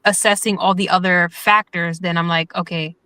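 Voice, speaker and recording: A woman's voice: fairly low pitch, fairly even intonation, moderate pace, sharp tone, clean tone, no room sound. Rambling New York woman, slight Southern twang. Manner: rambling, loses her thread, restarts sentences. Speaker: guest. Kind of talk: casual chat.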